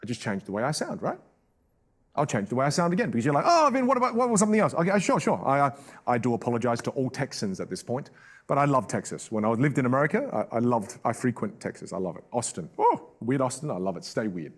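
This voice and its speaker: A man from Australia, a public speaking coach leading a live online class in an emphatic, energetic way. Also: mid-range voice, fast talker, husky.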